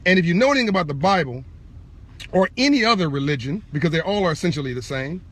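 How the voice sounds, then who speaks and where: A man speaking straight to viewers in an impassioned live-video monologue, fervent and preachy, hammering his points with repetition while insisting he is calm and measured. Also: a little high. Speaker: speaker addressing online viewers.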